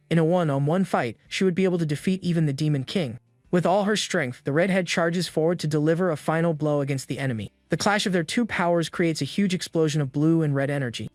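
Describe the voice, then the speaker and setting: Man, recap narrator, raised pitch, dry close mic, faint music underneath. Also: no echo. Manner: steady storytelling recap. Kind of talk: scripted narration.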